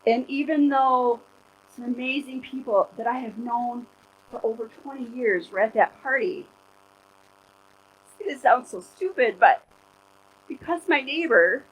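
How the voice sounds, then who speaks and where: A woman's voice: on the high side, measured pace, pauses often, breathy edge, low-quality recording. A woman pastor in her forties giving a candid, conversational sermon, full of "like" and "you know". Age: 40s.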